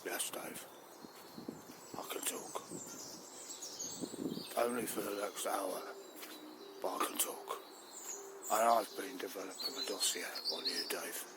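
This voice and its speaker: Man doing a hushed scheming talking dog. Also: fairly even intonation, very noisy. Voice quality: low hushed half-whisper. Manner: smug, scheming, drawn-out. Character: sly blackmailing talking pet dog. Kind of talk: improvised comedy.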